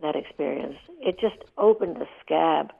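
A woman's voice: low-pitched, moderate pace, creaky, breathy edge. Older woman telling her story over a phone line. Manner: vivid, emotional storyteller. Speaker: interview guest. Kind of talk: candid storytelling interview.

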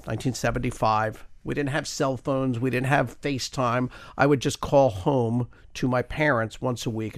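A man's voice: mid-range voice, no room sound, studio quality. A man in his sixties, a retired news correspondent, telling rambling stories with many fillers as a radio interview guest.

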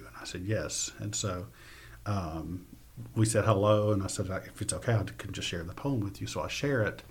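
A man reading his poetry and telling stories in an interview, soft-spoken and often trailing off. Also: low voice, breathy edge. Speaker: poet and interview guest.

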